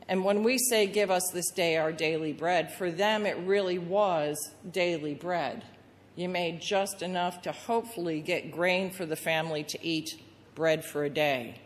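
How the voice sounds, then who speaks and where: A woman pastor preaching a sermon, telling the story lively and acting out the voices of the people in it. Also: lowish voice, big-room sound, slight background noise. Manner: storytelling with acted-out voices of the crowd and Jesus.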